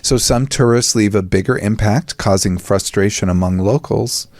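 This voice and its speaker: A man's voice: lowish voice, normal speed, a little mellow, no room sound. A man hosting a psychology talk show, chatting casually and laughing often in rambling asides. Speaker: podcast host. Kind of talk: casual chat.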